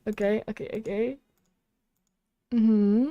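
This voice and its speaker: A woman's voice: on the high side, takes it slowly, pauses often, a little mellow, no room sound. A young woman chatting casually on a livestream, flustered and self-mocking as she sets things up. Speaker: streamer.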